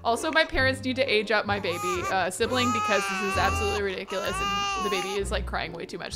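A young woman chatting through a life-sim game session, bubbly and quick to gush and laugh over what her characters do. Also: fairly high pitch, sing-song, pushed and bright, faint music behind. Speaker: gaming YouTuber. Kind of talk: Sims gameplay commentary.

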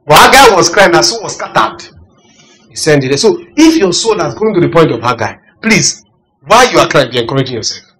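Animated male preacher, lively pitch. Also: a little fast, rough recording. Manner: animated preaching with call-and-response questions; swings between loud emphasis and soft asides. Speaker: pastor. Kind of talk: sermon.

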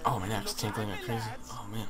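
A man's voice: fairly low pitch, fairly even intonation, fast, a loud crowd, poor audio. A man chatting, teasing and laughing while playing a game with a friend. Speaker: gamer co-host. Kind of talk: casual gaming chat.

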